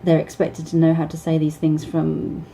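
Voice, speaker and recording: A woman English teacher talks through casual advice in a relaxed, warm tone. Her voice sits a little low. She stops and restarts often and laughs between thoughts. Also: normal speed, creaky, poor audio. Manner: hesitant, many ums and restarts, laughs often.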